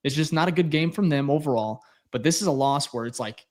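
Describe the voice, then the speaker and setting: Young male podcast co-host, slightly high voice, blunt and frustrated post-game rant. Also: fast talker, darkish tone. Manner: frustrated, blunt, swears, repeats himself.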